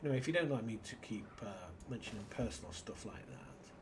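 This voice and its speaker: A man's voice: medium pitch, animated, quick pace, noisy background. Rambling British man playing a game. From Britain. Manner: rambling, muttering to himself between anecdotes. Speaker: gaming channel host. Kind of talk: casual let's-play commentary.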